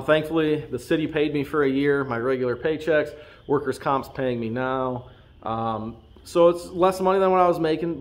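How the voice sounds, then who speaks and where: A man in his thirties, a farm vlogger, talking casually and earnestly to his viewers from his farm. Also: medium pitch. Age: 30s. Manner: earnest, heartfelt, thanking viewers. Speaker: farm vlogger and channel host. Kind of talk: casual talk to camera.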